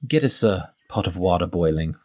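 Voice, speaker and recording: A man's voice: deep voice, expressive, moderate pace, darkish tone. A man voicing a scornful tiefling cultist. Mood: suspicious. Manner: sneering, condescending.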